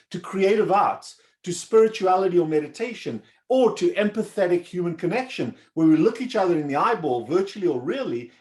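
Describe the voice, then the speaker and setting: A middle-aged man speaking as a doctor guest in an interview, earnest and explaining his points at length. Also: high-pitched. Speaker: surgeon guest. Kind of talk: conversational interview.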